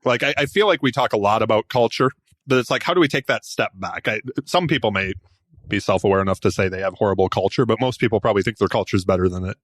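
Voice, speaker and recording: A man hosting a podcast, asking questions in a quick, casual way full of fillers. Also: lowish voice, no echo, studio quality. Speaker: podcast host. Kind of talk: conversational interview.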